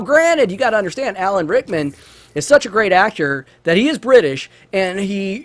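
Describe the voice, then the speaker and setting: A man hosting a let's-play, chatting casually through a movie review in a rambling way with many restarts. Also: high voice.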